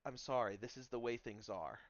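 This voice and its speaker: A man voicing a male priest who speaks in a slow, stern and strained way. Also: medium pitch, dry recording, dull audio, lightly acted.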